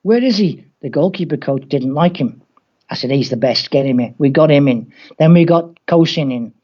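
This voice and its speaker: Scouse man, football coach guest; higher-pitched, mellow, dull lo-fi remote recording, wry anecdotal delivery. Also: lively intonation, moderate pace. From England. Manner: anecdotal, wry, acts out quoted voices. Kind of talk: storytelling interview. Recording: dull lo-fi audio.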